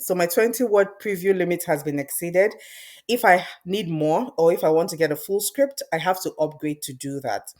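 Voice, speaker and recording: A woman with a slightly low voice walks viewers through a software tool in a screen-recorded tutorial. She talks casually and thinks aloud, pausing to restart phrases as she works. The tone is relaxed and instructional. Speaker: presenter demonstrating software.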